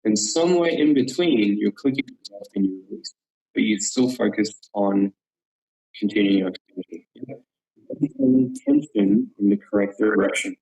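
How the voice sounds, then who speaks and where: A man with a somewhat low voice explains archery technique as a coach in an online webinar. He talks earnestly, repeats words to drive a point home and drops in frequent "yep" check-ins. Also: big pitch swings, moderate pace, creaky, dark tone, low-quality recording.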